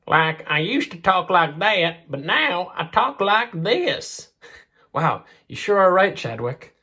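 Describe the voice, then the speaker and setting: A man art teacher talking children through a clay craft, step by step. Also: fairly high pitch. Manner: friendly, step-by-step instruction.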